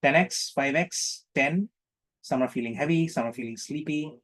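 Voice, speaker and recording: Man, slightly high voice, online healing session leader, playful, repeats his prompts. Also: moderate pace, a bit bright. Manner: playful, repetitive teacherly prompting.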